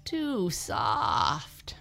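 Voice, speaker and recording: A woman's voice: fairly low pitch, huge pitch swings, drawn-out words, vocal fry, pushed and bright, faint music behind, full character voice. A woman voicing a picky, sleepy little girl in a storybook reading, whining and sighing. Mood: whiny. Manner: whiny and sighing.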